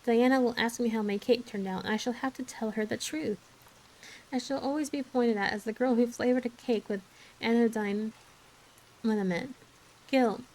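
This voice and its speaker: A woman's voice: on the high side, steady tone, moderate pace, darkish tone, natural voice, poor audio. A woman voicing a tearful, dramatic orphan girl, pleading in an anguished, breathless way during an ASMR book reading. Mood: despairing.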